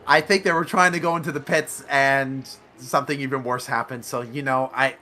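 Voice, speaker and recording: Man, sim race commentary, bright tone, excitable, self-correcting, faint noise underneath. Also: mid-range voice, a little fast. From United States.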